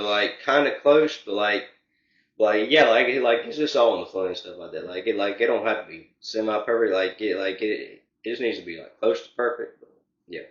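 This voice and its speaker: Young man, low voice, rambling filler-heavy answers; roomy, slightly muffled recording. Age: young adult. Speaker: interview guest. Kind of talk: casual interview.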